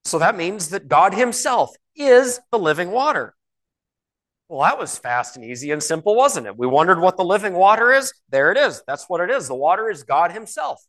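A man preaching a sermon in a conversational way, asking rhetorical questions and slowing down to stress key words. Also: high-pitched, very animated, fairly bright tone. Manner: slows and stresses key words when reading scripture.

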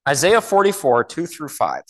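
A man preaching a sermon in a conversational way, asking rhetorical questions and slowing down to stress key words. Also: fairly high pitch, huge pitch swings. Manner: slows and stresses key words when reading scripture.

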